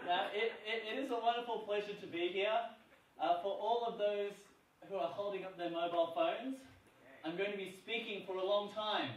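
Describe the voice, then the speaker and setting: Telling playful, laugh-drawing stories, a man delivers a humorous keynote at a conference in a large hall. He speaks high-pitched with fairly even intonation at a moderate pace. Picked up by a distant mic in an echoey hall, the audio has its highs cut off and heavy background noise.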